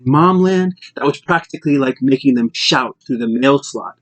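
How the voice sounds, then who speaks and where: A man narrates an audiobook in a steady, measured voice at a middling pitch. His delivery is plain and controlled throughout. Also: low-quality recording. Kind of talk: scripted narration.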